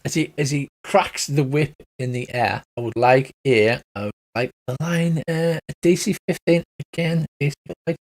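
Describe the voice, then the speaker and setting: A man's voice: a little high, moderate pace, few pauses. A man narrating as game master, chatty and laughing, acting out creatures and crowds as he goes.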